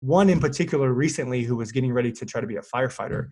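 A man's voice: medium pitch, rapid-fire. A man who coaches fitness clients, chatting casually on a podcast and telling stories with lots of fillers. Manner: animated storyteller, lots of fillers.

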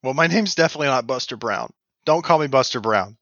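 A man appearing as a guest on a casual podcast, trading goofy deadpan quips. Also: mid-range voice, fast talker, dry recording, lo-fi sound. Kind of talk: casual comedic podcast chat. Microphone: remote call recording.

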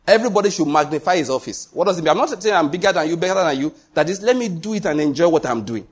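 Male pastor, sermon, husky, a little high, emphatic, repetitive, rhetorical questions. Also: animated, racing.

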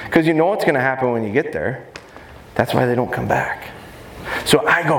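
A dog trainer holds forth at a live seminar in a large expo hall, his voice ringing off the walls. He talks in a lively, joking way and sometimes mimics a high, coaxing baby-talk voice to his dogs. A faint hiss sits under the sound. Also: moderate pace. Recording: echoey hall with faint noise.

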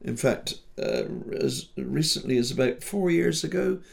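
Gravelly-voiced man recalling folk songs. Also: medium pitch, huge pitch swings, measured pace, a little mellow. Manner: chatty, anecdotal storyteller. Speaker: folk song collector. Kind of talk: relaxed interview recollection.

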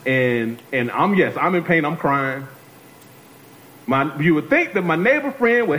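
A man's voice: a little high, big pitch swings, a little slow, sharp tone, rough recording. A man preaching a sermon as a guest speaker, talking to the congregation, repeating phrases and calling on them to answer.

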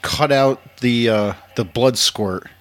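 Male podcast host, casual recap, quick laughs, mid-pitched. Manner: laughs often, animated recaps. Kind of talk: casual chat.

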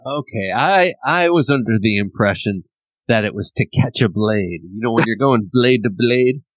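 A man hosting a podcast, asking questions in a halting way with many fillers. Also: medium pitch, animated, no room sound. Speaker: podcast host. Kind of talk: casual interview talk.

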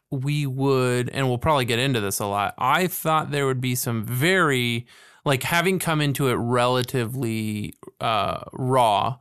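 Smooth-voiced man co-hosting a podcast. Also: mid-range voice, dry recording, studio quality. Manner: relaxed, laughing, trailing off with fillers. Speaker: podcast co-host. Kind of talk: casual chat.

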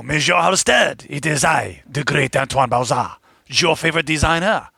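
A man's voice: fairly high pitch, creaky, pushed and bright, slightly rough, dry recording, clean studio sound, heavily acted. A man voicing a boastful, pompous French game designer in an exaggerated mock French accent, trading silly insults in a comic bumper. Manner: mock-grand, teasing insults.

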